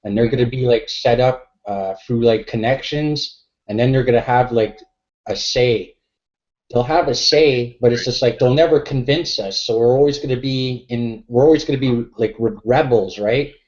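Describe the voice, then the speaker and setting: A man's voice: medium pitch, moderate pace, darkish tone, lo-fi sound. A man in a casual online discussion, rambling and sweary, full of "you know what I mean" and "like". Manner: rambling, filler-heavy, sweary.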